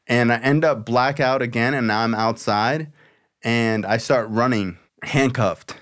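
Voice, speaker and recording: A man's voice: medium pitch, unhurried, a bit bright, clean tone. A man hosting a podcast, telling a story in a loose, profane way full of "like" and fillers. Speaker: podcast host. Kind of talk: casual storytelling.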